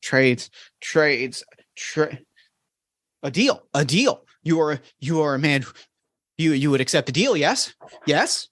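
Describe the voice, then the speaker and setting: A man's voice: a little high, sing-song, slow pace, long pauses, fairly bright tone, dry recording, clean studio sound, exaggerated voice. A man voicing a desperate ghostly shade who stammers and begs frantically. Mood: eager.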